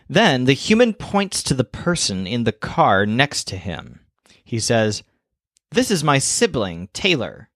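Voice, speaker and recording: A man narrating a scripted language lesson, explaining clearly and slowing down for example phrases. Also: medium pitch, a bit bright, no echo, studio quality. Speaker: language teacher.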